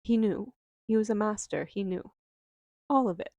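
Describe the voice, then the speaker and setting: A young woman slowly and softly telling a personal memoir, reflective and unhurried, with lingering pauses. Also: medium pitch, no echo, highs cut off. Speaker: storyteller.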